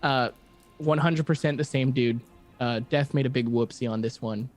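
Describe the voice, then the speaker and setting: A man voicing a chatty male god in the form of a duck, talking fast and casually in a rambling way during tabletop role-play. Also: mid-range voice, faint music behind, voice pushed down, close to an everyday voice.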